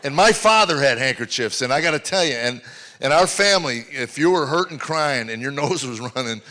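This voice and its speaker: Bright-toned older man doing stand-up. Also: lively intonation, fairly quick. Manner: storytelling, rambling, swings from low mutters to loud exclamations. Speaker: stand-up comedian. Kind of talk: stand-up comedy set. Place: live comedy venue.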